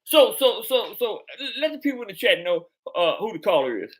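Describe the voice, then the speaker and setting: A man's voice: high-pitched, sing-song, a little fast. A man hosting a live stream chat, talking casually in slang and stumbling over repeated words.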